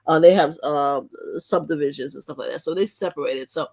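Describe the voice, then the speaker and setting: A middle-aged woman hosts a live stream with casual commentary, her voice low, gravelly and darkish, moving at a fairly quick clip. She rambles emphatically and keeps restarting her sentences.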